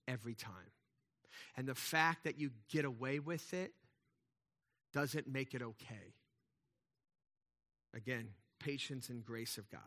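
Preaching in a conversational style, this middle-aged man pitches his voice on the high side. He puts rhetorical questions to his congregation and alternates between loud stretches and quieter ones.

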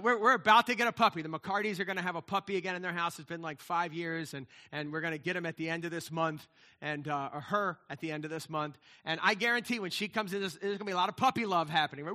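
This middle-aged man delivers his sermon like a conversation, with a high, pushed, bright voice. Repeated words and restarts are frequent, and he regularly checks in with "right?"

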